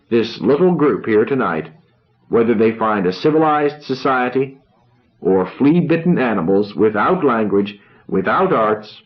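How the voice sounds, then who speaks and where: Grandiose young speechmaker, solemn, pompous, dramatic pauses, voiced by a male reader, dull lo-fi sound. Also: mid-range voice, lightly acted. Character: young man, grandiose smooth-talking orator.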